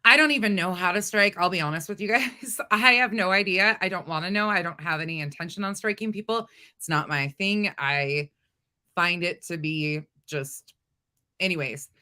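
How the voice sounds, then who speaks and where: Host of a gossip chat: a woman with a bright, clear voice who asks the viewers rhetorical questions. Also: fairly low pitch, moderate pace.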